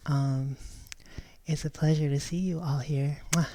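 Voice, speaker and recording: A woman's voice: sits low, fairly even intonation, a little slow, dark tone, no room sound. A woman chatting casually on her live stream, rambling and giggling, often restarting her sentences.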